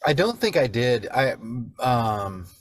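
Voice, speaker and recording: A man's voice: medium pitch, big pitch swings, takes it slowly, no room sound. A man, an author and father, talking casually and self-deprecatingly, laughing as he speaks. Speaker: author guest. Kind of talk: casual chat.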